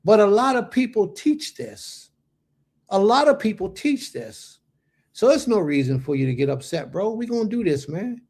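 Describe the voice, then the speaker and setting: A man teaches scripture in a relaxed, conversational way and keeps addressing his listeners directly. His voice is gravelly with plenty of fry. It sits a little higher than most men's. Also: normal speed. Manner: conversational, talks to viewers directly; informal, slangy phrasing. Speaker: Bible teacher. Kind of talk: casual livestream Bible lesson.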